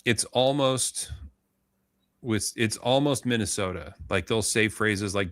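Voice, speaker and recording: Easygoing low-voiced man from Indiana. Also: slow, fairly bright tone, dry recording, clean studio sound. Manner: easygoing, rambling, self-deprecating. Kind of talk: casual chat.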